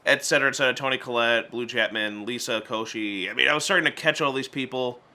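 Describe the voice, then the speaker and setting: Bright-voiced chatty man reviewing movies. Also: mid-range voice, quick pace. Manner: chatty, stumbling restarts, acts out character lines in voices. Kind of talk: casual spoken movie review.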